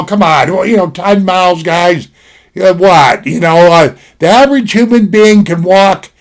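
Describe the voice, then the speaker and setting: A man telling a rambling, folksy story from his younger days in a casual, conversational way, with many restarts and asides, recorded at a desktop. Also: high voice.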